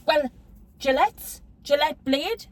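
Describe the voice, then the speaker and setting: A woman's voice: sits high, animated, slow. A woman in her fifties with a Geordie accent, chatting casually and teasing her daughter in a blunt, jokey way. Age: 50s. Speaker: guest, host's mother. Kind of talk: casual chat.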